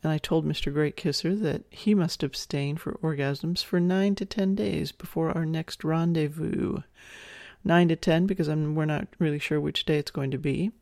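Candid and chatty, a solo podcast host in her forties walks listeners through instructions in a low, mellow voice. It's a dry recording with clean studio sound.

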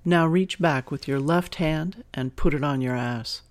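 A man voicing a commanding dominant woman who gives calm, clipped orders. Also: on the high side, a little slow, close to an everyday voice.

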